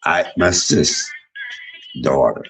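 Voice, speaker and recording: A man's voice: extremely low pitch, slow pace, a bit bright, soft background music, poor audio. A man in his fifties telling blunt, profane stories in a candid livestream monologue. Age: 50s. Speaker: livestream host.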